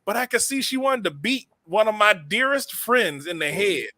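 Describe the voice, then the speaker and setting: A man hosting a comedy podcast, telling stories with animated laughter. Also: high-pitched, moderate pace, dry recording, studio quality. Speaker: podcast host. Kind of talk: casual comedy podcast chat.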